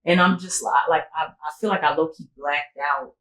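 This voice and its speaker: A woman's voice: low-pitched, normal speed, echoey room, rough recording. A woman co-hosting a casual storytime podcast, recounting a personal story with lots of "like" and acted-out dialogue. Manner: animated storytelling, acting out quoted dialogue, frequent "like"; sobering, emotional retelling. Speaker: podcast co-host.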